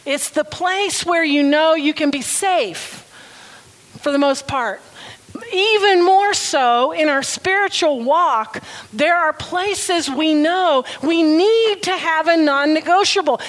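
A woman's voice: very high voice, poor audio. A woman preaching a sermon in an earnest, emphatic way, leaning on key phrases.

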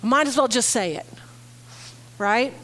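High-pitched lady pastor preaching, chatty and lively, acts out what people say. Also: unhurried. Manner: conversational, animated, acts out quoted voices. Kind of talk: sermon.

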